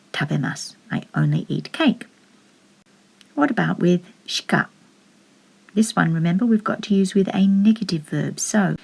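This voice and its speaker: Low, gravelly woman teaching a lesson. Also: a little mellow. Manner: measured, explanatory, slows down to model example words. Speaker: language teacher. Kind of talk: scripted lesson narration.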